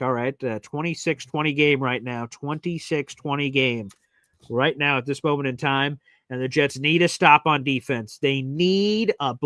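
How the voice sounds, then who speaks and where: A man hosting a live sports watch party, giving emotional play-by-play that swings from nervous muttering to loud cheering. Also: mid-range voice, no room sound.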